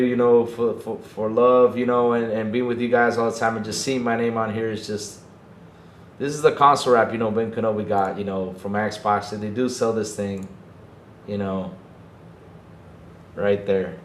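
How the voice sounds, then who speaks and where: A man hosting a casual livestream podcast, talking excitedly to his chat and repeating himself often. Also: medium pitch, echoey room, a little hiss or hum. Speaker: podcast host streaming to chat.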